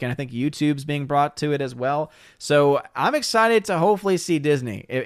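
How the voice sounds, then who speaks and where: A lively man hosting a casual livestream, reading viewer comments and firing back quick jokes. His voice sits a bit high and comes through smooth and clear, with a close, dry sound. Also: dry recording. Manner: animated, jokey, reads comments aloud with quick reactions. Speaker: livestream host reading chat. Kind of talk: casual live-stream chat.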